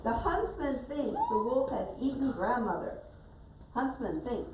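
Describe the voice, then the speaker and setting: A woman's voice: high-pitched, big pitch swings, measured pace, a little mellow. A woman teacher narrating a story for her pupils to act out and giving them directions as she goes. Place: classroom. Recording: distant, echoey classroom with background noise.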